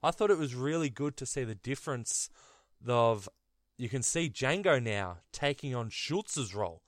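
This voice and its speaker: A man's voice: mid-range voice, animated, normal speed, no room sound. Easygoing Australian man, dry close sound. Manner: easygoing, defends his view, teasing. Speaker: podcast co-host. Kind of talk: casual film discussion.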